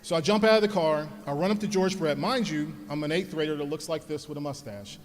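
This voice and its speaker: A man giving a heartfelt speech at an alumni event, telling personal stories and speaking softly when he thanks his parents. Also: a little high, a little fast, a little hiss or hum. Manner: earnest, storytelling, grows soft when thanking his parents. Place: large hall at an alumni event. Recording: long hall reverb.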